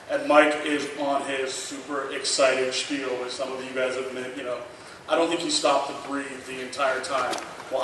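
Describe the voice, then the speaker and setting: A man in his thirties telling a lively anecdote at a convention panel, acting out the dialogue and laughing often. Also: on the high side. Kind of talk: storytelling at a memorial panel. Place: large convention hall. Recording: echoey hall miked from far, noisy.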